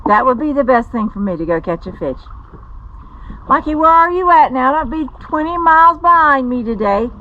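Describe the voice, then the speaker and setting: A woman's voice: high voice, expressive, moderate pace. A woman bantering in a fussy, mock-angry way while paddling a kayak on a creek. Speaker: fishing video creator. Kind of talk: casual banter while fishing. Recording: muffled outdoor camera audio with water noise. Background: water and boat noise.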